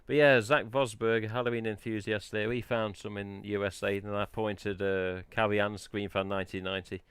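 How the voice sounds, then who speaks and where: A man's voice: fairly low pitch, little pitch movement, moderate pace, fairly bright tone, smooth, no room sound. A man hosting a casual live stream, chatting in a rambling way and answering the chat. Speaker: livestream host.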